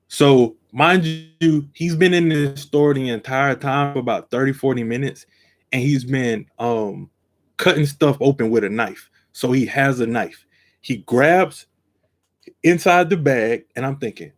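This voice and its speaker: A man telling a story on a live stream, acting out each line and jumping from quiet to loud, seated at his desk camera. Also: a little slow. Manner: acts out every quote, jumps from low to loud. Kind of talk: animated storytelling.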